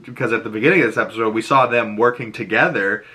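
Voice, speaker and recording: A man's voice: medium pitch, fast talker, few pauses, sharp tone. A man in a casual, rambling recap of a show's episodes, retelling scenes with lots of filler words. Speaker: YouTube reviewer.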